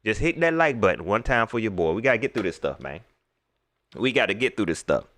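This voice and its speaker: Animated, slangy sports talk host. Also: male voice, on the low side, a little fast. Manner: animated, slangy, repeats himself, talks straight to viewers. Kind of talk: casual livestream sports talk.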